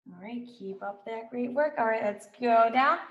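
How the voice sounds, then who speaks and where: A young woman teaching a recorded reading lesson to small children, sounding out letters and words with steady encouragement. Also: on the high side, normal speed, echoey room, muffled recording.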